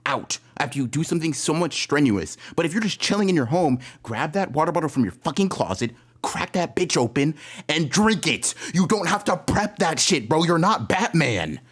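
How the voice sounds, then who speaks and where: A man's voice: on the high side, lively intonation, brisk, husky. Fired-up podcast guy, swearing, voice jumping all over. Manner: heated, exasperated ranting with heavy swearing. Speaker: podcast co-host. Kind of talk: casual chat.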